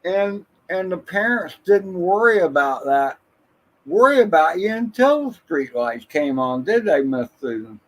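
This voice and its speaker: This drone channel host's voice is high-pitched, very animated and fairly bright, though the audio is poor. Running a casual livestream, he tells slow, rambling stories from the past and welcomes chat viewers by name.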